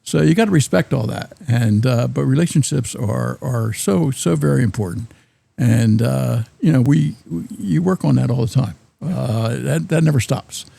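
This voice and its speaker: A man with a South Jersey accent, talking as a guest in an interview, often halting and repeating words as he thinks. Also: medium pitch, gravelly, mellow, breathy edge, dry recording. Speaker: guest, city planner. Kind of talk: casual interview talk.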